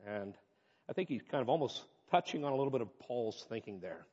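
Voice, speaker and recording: A man's voice: mid-range voice, animated, a little fast. A man preaching a sermon as pastor, earnest and conversational, rising to impassioned peaks, recorded in a church. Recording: reverberant hall, dull muffled sound.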